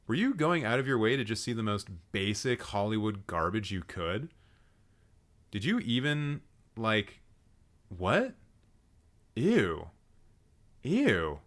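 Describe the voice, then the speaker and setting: Sarcastic young man roasting on a livestream. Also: fairly low pitch. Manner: sarcastic, mocking, laughs often, swings loud and quiet. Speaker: livestream host roasting viewer film profiles. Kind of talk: live-stream commentary.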